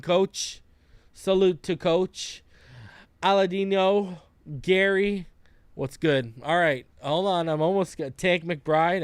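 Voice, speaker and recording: A man hosts a live fan podcast, chatting easily and tossing out greetings to his viewers. His voice sits a little high and comes through smooth and clean. The close mic gives a dry sound. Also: no room sound. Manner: laid-back, greets viewers by name, slangy. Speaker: podcast host. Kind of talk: casual live-stream chat. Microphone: close desk mic.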